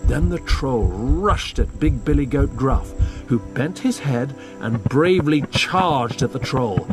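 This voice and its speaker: A man reading a fairy tale aloud as storybook narration, slow and expressive. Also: over music. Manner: slow and expressive, lively pitch.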